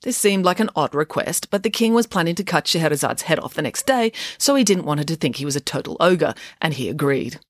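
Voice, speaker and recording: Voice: mid-range voice, big pitch swings, fast talker, few pauses, dry recording, studio quality. Playful storybook narrator. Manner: playful and comic, with asides.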